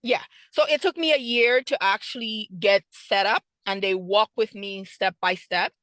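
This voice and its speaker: A middle-aged woman who owns a food business tells her story as an interview guest, excited and animated, acting out the conversations she remembers. Her voice is medium in pitch, her pace normal, with no echo.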